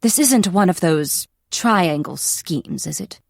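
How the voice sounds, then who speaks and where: A woman's voice: low voice, lively intonation, normal speed, vocal fry, a little mellow, no echo, clean studio sound, full character voice. A woman doing a blunt café owner with a fake French accent. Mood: curt, suspicious. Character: stern female cafe owner, suspicious, blunt. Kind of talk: audiobook character voice.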